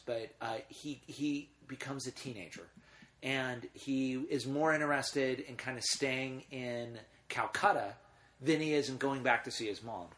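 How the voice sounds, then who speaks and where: A middle-aged man chatting as a guest, his voice at an ordinary middle pitch. He tells stories in a loose, rambling way, full of restarts. He turns emotional when a subject touches him. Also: measured pace, a bit bright. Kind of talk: casual conversation.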